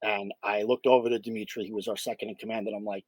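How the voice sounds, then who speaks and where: A man's voice: fairly low pitch, fast, slightly rough, no echo, low-quality recording. New man telling a ghost story. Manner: animated storyteller, many fillers and acted-out quotes. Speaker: paranormal investigator, interview guest. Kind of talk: casual storytelling in an interview.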